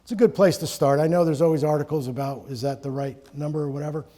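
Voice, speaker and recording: A man's voice: fairly high pitch, fairly even intonation, quick pace, dark tone. A middle-aged man from Connecticut presenting a live seminar in a conversational, joking way, to an audience in a room. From Connecticut, USA.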